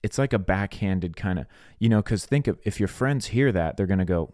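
A man delivers sermon-style teaching on his faith podcast in a lowish, slightly mellow voice, expressive and brisk, with hardly any pauses. Earnest and plain-spoken, he acts out conversations, and the studio recording is dry.

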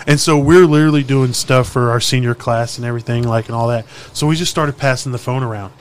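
A man's voice: medium pitch, quick pace, clean tone. A young man telling rowdy stories in casual chat, swearing freely and acting out what people said. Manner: profane, animated storyteller acting out quotes. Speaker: podcast host.

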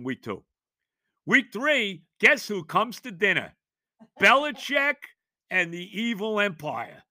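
An older man rants on his sports podcast, his high voice swooping wildly as he shouts and repeats himself in exasperation. The tone is sharp and forceful, and the recording is close and dry. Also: dry recording. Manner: loud, exasperated ranting with shouted repetitions. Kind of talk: sports talk rant.

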